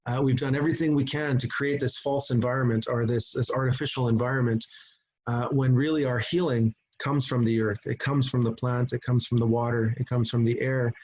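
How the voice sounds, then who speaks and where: A middle-aged man from Canada, a chief giving a conference talk, telling a story unhurriedly with frequent pauses and restarts over a video call. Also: medium pitch, fairly even intonation, a little mellow, lo-fi sound. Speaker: Indigenous chief and conference speaker. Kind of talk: storytelling presentation.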